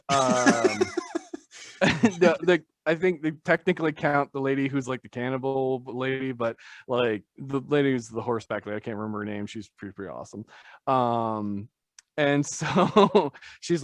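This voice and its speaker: A man's voice: mid-range voice, moderate pace, dry recording. A man, a tattoo artist guest on a podcast, talking casually in a rambling, self-deprecating way full of fillers.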